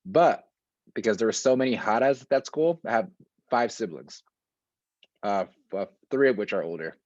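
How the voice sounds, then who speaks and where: A man with a fairly low voice answers interview questions in a loose, slang-filled way, full of "um"s and "like"s. The sound is dull and lo-fi and very dry, like a video call. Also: normal speed, no room sound. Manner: relaxed and slangy, many fillers. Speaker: school administrator.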